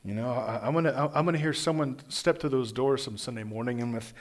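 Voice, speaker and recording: A man's voice: mid-range voice, fast talker. Casual, stammering man preaching a sermon. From Kansas, USA. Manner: conversational, animated, many restarts and stammered repeats. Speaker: pastor.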